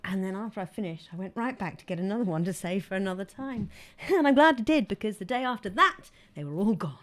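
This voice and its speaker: A woman's voice: mid-range voice, expressive, fast. A woman raised in Saudi Arabia, chatting as a guest on a casual show, rambling and giggly and a little tipsy. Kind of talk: casual chat.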